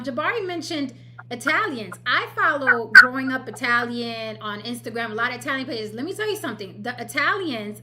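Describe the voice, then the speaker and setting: Blunt high-voiced woman host. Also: background noise. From New York. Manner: blunt, swears freely, laughs easily. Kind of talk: casual panel chat on a livestream.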